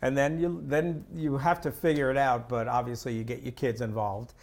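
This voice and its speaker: A man's voice: mid-range voice, normal speed. A middle-aged man, a comedian guest, telling stories in casual chat and slipping into impressions of people. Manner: animated, drops into impressions of people.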